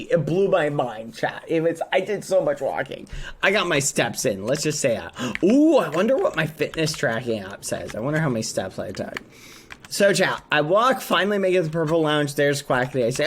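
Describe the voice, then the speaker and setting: A man streaming, telling a story to his chat in an animated, exclamatory way while steering clear of swearing. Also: a little high, moderate pace.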